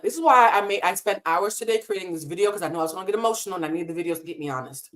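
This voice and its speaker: A woman's voice: lowish voice, rapid-fire, a bit bright. Impassioned woman hosting a live stream. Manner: impassioned, emotional, swears freely. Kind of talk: casual live stream commentary. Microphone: desk mic in a hotel room.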